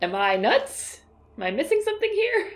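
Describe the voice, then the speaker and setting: A woman's voice: high-pitched, huge pitch swings, normal speed. A woman playing a tabletop game, speaking in character with bold, blunt joking. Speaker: player. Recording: faint music behind.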